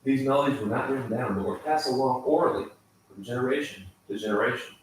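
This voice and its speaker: A man's voice: medium pitch, fast talker, a little hiss or hum. A man vlogging his piano practice, reading lesson text aloud and adding sarcastic asides. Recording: echoey room, mic far off, piano in background.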